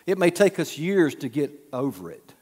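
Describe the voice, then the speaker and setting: A man's voice: on the high side, sing-song, normal speed, a little mellow. Male pastor, conversational sermon, asks the congregation questions, long hall reverb. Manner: conversational, teasing the audience with questions. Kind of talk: sermon with storytelling.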